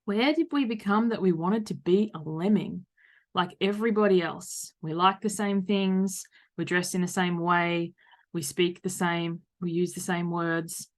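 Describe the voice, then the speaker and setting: A woman in her thirties with an Australian accent, hosting a solo podcast as a coach and talking loudly, frankly and conversationally. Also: lowish voice, a little slow. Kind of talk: reflective solo podcast monologue.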